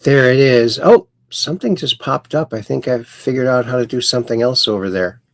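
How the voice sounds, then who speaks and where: Older male host, unhurried and gravelly, folksy chat-reading on a livestream, dry close mic. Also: medium pitch, no echo. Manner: slow, folksy, playful sing-song announcing of viewers. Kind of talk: casual livestream chat, reading chat messages aloud.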